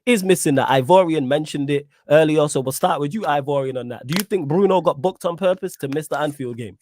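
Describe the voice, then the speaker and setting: A man hosting a casual football fan show, lively and full of quick interjections. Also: fairly high pitch, a little hiss or hum.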